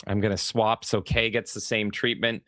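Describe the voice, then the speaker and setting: A man co-hosting a gaming podcast in casual, excitable chat, swearing freely. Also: on the low side, normal speed, no room sound, clean studio sound. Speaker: podcast co-host.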